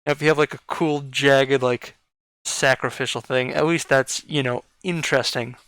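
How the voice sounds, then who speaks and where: A man's voice: mid-range voice, steady tone, moderate pace, fairly bright tone, no echo. A tired man, a gaming YouTuber, rambling and tongue-tied through a casual video outro full of fillers. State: tired after work.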